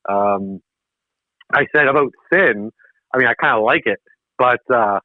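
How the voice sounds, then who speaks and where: A man telling a personal story as a guest, animated and quick to laugh at himself. His voice sits at an ordinary pitch and comes through a tinny, dry phone-like line from a remote call. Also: no echo. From Canada (Ontario). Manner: animated, laughing, self-deprecating. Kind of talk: casual conversational storytelling.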